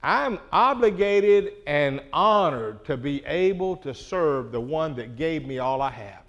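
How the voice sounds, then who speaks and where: A man's voice: fairly high pitch, lively intonation, takes it slowly, fairly bright tone, muffled recording. Earnest man preaching a conversational sermon. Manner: earnest, conversational preaching with frequent "okay?" check-ins. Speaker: pastor.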